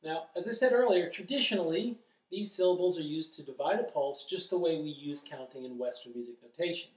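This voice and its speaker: Man, drum teacher, fairly high voice, roomy studio sound, heard from a distance. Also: fairly quick. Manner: explains carefully, chants rhythm syllables aloud. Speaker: drum instructor. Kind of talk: instructional demonstration. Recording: echoey room, distant mic.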